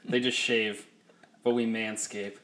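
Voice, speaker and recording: A man's voice: lowish voice, little pitch movement, pushed and bright. A man hosts a casual podcast and throws in dry quips while his co-host talks. He laughs readily and keeps it loose. The recording has a roomy, echoing sound. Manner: dry wisecracks, quick to laugh. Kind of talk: casual chat. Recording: roomy echo.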